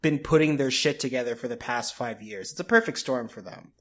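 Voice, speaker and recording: A man's voice: medium pitch, fairly quick, a bit bright. A man co-hosting a casual podcast, chatting in a laid-back way with casual swearing. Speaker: podcast co-host. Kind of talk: casual chat.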